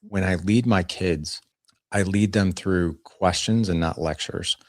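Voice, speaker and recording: A man's voice: deep voice, measured pace, dry recording, studio quality. A man in his forties, a guest on a podcast, talking earnestly and plainly about family life and acting out bits of dialogue as he tells stories. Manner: earnest, plain-spoken, acts out dialogue in anecdotes. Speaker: podcast guest, fatherhood coach. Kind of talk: casual interview storytelling.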